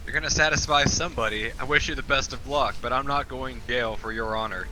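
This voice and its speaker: A man's voice: mid-range voice, fast talker, noisy background. A man playing his character in a tabletop game, with a sarcastic, mocking manner. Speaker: player.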